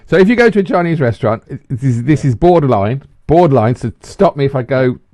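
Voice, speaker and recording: A man's voice: mid-range voice, quick pace, dry recording, clean studio sound. A man from the bantering casually on a podcast as a co-host, laughing and swearing as he talks. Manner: animated, swearing, laughs often.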